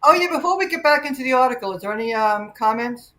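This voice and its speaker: A woman hosting a livestream in casual discussion. She explains her points in a steady, earnest way. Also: on the high side, fast talker. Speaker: livestream host.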